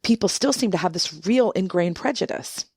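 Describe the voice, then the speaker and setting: A woman guest on a conversational podcast, telling stories in an animated way, with emphatic stress and frequent restarts. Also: medium pitch, brisk, slightly rough, no room sound, studio quality. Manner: emphatic, many restarts and rising indignation. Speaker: guest, book contributor.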